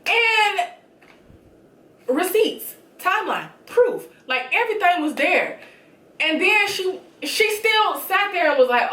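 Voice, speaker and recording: A woman hosting a casual reality show recap, talking in a sassy, blunt and animated way. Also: high-pitched, measured pace, roomy sound.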